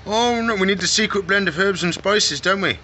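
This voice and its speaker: Slight background noise accompanies this reptile shop owner and vlogger as he talks a little fast in a high, bright, forceful voice. He chats casually in his pet shop and playfully baby-talks to the animals.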